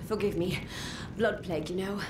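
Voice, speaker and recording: A woman's voice: medium pitch, steady tone, moderate pace, darkish tone, close to an everyday voice. An actress voicing a plain-spoken village woman blacksmith in a game, heard through echoey, noisy game audio from a distance.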